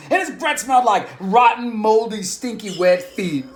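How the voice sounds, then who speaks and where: A man's voice: high-pitched, expressive, measured pace. A man reading a children's story aloud in a slangy, laid-back surfer-dude manner. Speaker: guest co-reader. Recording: echoey room.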